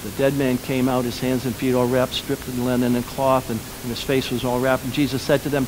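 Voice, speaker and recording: A man pastor preaching a sermon, swinging between loud, emphatic lines and quiet, lowered ones. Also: level tone, a little fast, hardly any pauses, noisy background.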